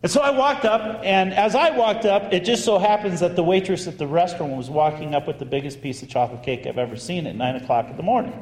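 A man, a priest, telling a story in a sermon in an animated, conversational way with bursts of emphasis. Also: a little high, quick pace, few pauses, slight background noise. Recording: echoey hall with long reverb.

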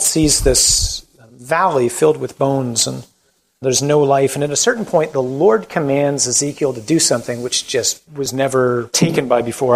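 A man's voice: medium pitch, low-quality recording. A Catholic priest giving a conversational talk on evangelization and leading a closing prayer, acting out quotes as he goes. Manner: animated, conversational preaching with acted-out quotes.

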